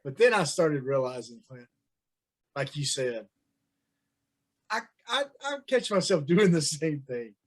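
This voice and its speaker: A man, co-hosting a podcast in casual chat, chatty and quick to chuckle. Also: fairly high pitch, big pitch swings. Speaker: podcast co-host.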